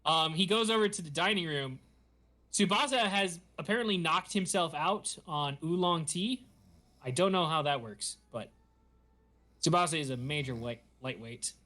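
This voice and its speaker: A man hosting a podcast, recapping a show in animated, giggly casual chat. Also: on the high side, normal speed. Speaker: podcast host.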